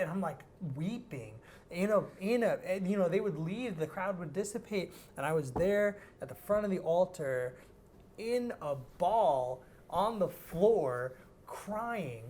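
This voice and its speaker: A man's voice: high voice, unhurried. Man telling a rambling personal story. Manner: animated, rambling, heavy use of "like". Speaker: interview guest.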